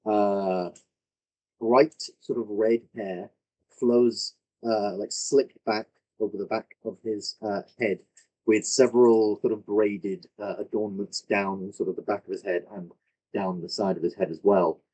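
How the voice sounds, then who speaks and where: Slow, low-voiced game master. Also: male voice, fairly even intonation, mellow, low-quality recording. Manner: descriptive, many fillers and self-corrections. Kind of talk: improvised tabletop narration.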